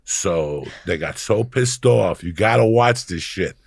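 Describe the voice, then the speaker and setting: Gravelly New man telling stories. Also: deep voice, unhurried, no echo, clean studio sound. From New Jersey, USA. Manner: profane, animated storyteller who acts out quoted voices. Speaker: podcast guest. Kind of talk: storytelling in casual chat.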